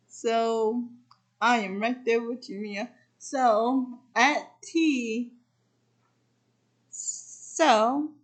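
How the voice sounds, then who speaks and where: A woman casually retelling a movie plot, halting with frequent restarts and fillers. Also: on the high side. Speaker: book and movie reviewer.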